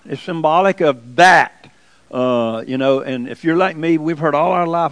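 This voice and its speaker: Male preacher, high voice, dry close sound, folksy and emphatic. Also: animated, moderate pace, fairly bright tone, no room sound. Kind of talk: sermon.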